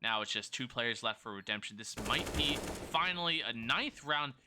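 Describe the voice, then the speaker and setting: A man's voice: medium pitch, lively intonation, noisy background. A man casting a competitive shooter match alone as play-by-play commentator, his throat sore, correcting himself as he goes and chatting with viewers between rounds. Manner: rapid play-by-play with self-corrections and chat banter. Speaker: esports caster. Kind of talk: solo play-by-play commentary, chatting with live chat.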